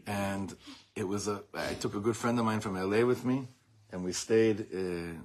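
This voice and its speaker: A middle-aged man, a rabbi giving an informal Torah talk to a small group, telling animated stories with laughter and mixing Hebrew and Yiddish words into his English. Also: lowish voice, moderate pace. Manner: animated, rambling storytelling with frequent laughter.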